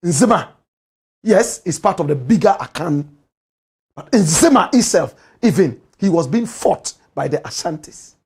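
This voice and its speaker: Ghanaian male commentator, husky, wildly swinging pitch, fiery and argumentative. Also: animated, a little slow, a little mellow. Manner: heated, ranting, fires rhetorical questions. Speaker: host of a commentary show. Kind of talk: impassioned political commentary.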